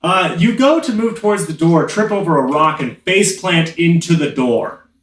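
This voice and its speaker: Game master narrating from afar. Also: male voice, fairly high pitch, fairly bright tone, slight background noise. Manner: casual, halting narration with fillers. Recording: roomy echo, from far off.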